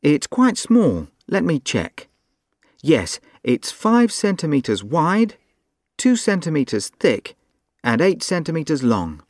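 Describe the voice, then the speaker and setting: A man's voice: fairly high pitch, huge pitch swings, slow pace, no room sound, studio quality. A man acting as a polite, helpful shop assistant and reporter in a scripted textbook dialogue.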